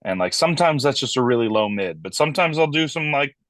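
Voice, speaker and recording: A metal band frontman talks in a casual interview, telling animated stories and swearing freely. His voice sits at a middle pitch for a man, and the recording is close and dry with no room sound. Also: fast, dry recording. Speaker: metal band vocalist, guest.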